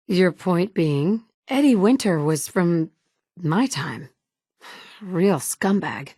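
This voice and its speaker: A game's survivor heroine: level, lower register, dry studio read, sardonic. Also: female voice, darkish tone, no echo. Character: resourceful woman survivor, wry and steady. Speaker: player character. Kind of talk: game dialogue lines.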